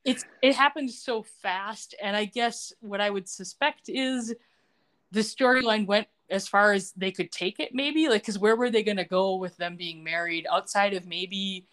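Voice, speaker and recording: Female podcast co-host, middle pitch, lively scene-retelling. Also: a little slow. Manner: animated storytelling, acts out quotes. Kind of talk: casual podcast chat.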